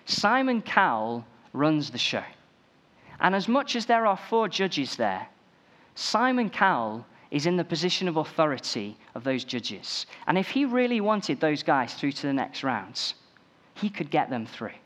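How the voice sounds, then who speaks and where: A man's voice: on the high side, big pitch swings, a little slow, fairly bright tone. A man preaching a sermon, building emphasis through repeated phrases.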